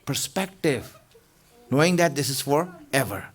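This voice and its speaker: A man's voice: mid-range voice, lively intonation, a little slow, soft background music. A middle-aged male preacher giving a Ramadan lecture in a conversational way, asking rhetorical questions and often saying "you know".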